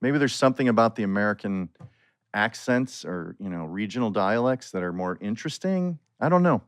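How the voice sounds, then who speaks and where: A middle-aged man, a comedic actor, talking relaxed and at length as a podcast guest. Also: on the low side, brisk, no room sound, studio quality. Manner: relaxed, explains at length with many "like" fillers. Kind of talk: casual chat.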